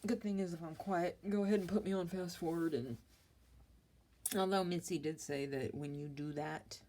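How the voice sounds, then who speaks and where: Low-voiced woman host of a home craft vlog, chatty and rambling. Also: steady tone, normal speed, dark tone, slight background noise. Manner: chatty, rambling, talks to viewers and her dog. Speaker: craft vlogger. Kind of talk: casual chat while crafting.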